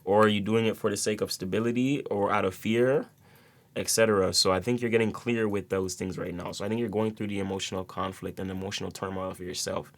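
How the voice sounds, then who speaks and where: A man's voice: lowish voice, fairly even intonation, fast talker. A man giving a casual tarot reading to his viewers, rambling with repeated words and many fillers. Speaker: tarot reader.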